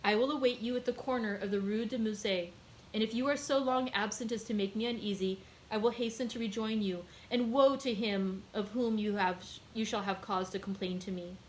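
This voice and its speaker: A woman's voice: medium pitch, brisk, a little hiss or hum, lightly acted, poor audio. A woman voicing an earnest, protective young male clerk in a read-aloud novel, speaking firmly and reassuringly. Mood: resolute.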